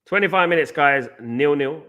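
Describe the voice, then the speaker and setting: Rambling football watchalong host. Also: male voice, fairly high pitch, moderate pace, sharp tone, dull audio. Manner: rambling, chatty, goes off on tangents. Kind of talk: live football watchalong commentary.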